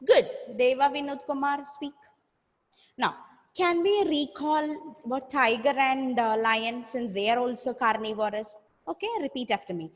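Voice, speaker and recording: A woman's voice: high-pitched, normal speed. A woman teacher, leading an online class and drawing out words for children to repeat. She praises and scolds pupils by name in a firm way. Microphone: video call. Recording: long reverb on voice.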